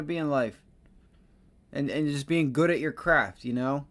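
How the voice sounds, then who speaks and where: A man runs a live day-trading stream in a casual, unscripted way. He drifts through chart talk and warms into hyped shout-outs to his viewers. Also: a little high, moderate pace, long pauses. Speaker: day-trading livestream host.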